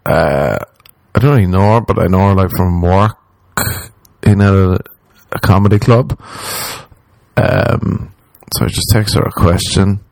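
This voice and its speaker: A young Irish man, a comedian and podcast host, rambles through a story, swearing freely and putting himself down. His voice sits on the lower side. The sound is close and dry, with no room around it. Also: unhurried, gravelly, darkish tone, no room sound. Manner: rambling, profane, self-deprecating. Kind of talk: casual storytelling monologue.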